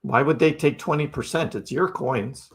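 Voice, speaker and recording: This middle-aged crypto livestream host has a medium-pitched voice and a moderate pace. He responds casually to viewer chat, full of wry humor and frequent laughs.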